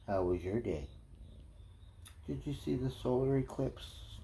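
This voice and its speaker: Casual male streamer, slow and rambling, coos at his cats in a high voice, warm tone. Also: lively intonation. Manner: rises to a high, soft baby-talk voice for the cats; rambling, offhand storytelling. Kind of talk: casual live-stream chat, talking to cats. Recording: echoey room with faint ambient noise.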